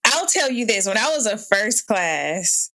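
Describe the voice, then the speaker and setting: A woman in casual podcast chat, animated and storytelling, acting out quoted voices. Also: mid-range voice, measured pace. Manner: animated storytelling, laughs often, acts out quotes. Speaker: podcast guest.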